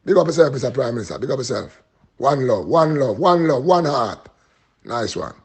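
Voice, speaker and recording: A man's voice: medium pitch, animated, normal speed, husky. A Jamaican man giving a pleading, repetitive, preacher-style live appeal and prayer. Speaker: street preacher and vlogger.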